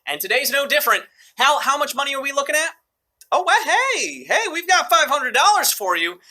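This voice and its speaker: A man's voice: high voice, sharp tone. A man hosting a live mobile trivia game show, upbeat and joking with playful asides.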